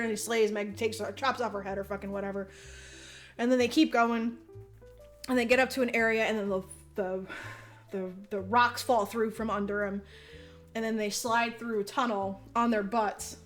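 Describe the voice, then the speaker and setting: A woman's voice: fairly high pitch, moderate pace, soft background music. A woman co-hosting a podcast, recapping a movie in casual chat, giggling, swearing freely and acting out the characters' lines. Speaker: podcast co-host.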